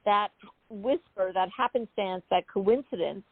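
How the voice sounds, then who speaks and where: A woman guest on an interview show, telling a personal story in a chatty, animated way with many asides. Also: medium pitch, unhurried, breathy edge, no echo. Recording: phone-like dry call audio.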